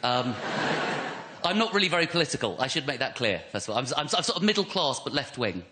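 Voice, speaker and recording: A man's voice: medium pitch, very animated, fast, sharp tone. A middle-aged English man with a West London accent, doing a self-mocking stand-up set with mock-outraged rants in front of a live audience. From England. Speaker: stand-up comedian. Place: live comedy venue. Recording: noisy live comedy recording. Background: audience laughter.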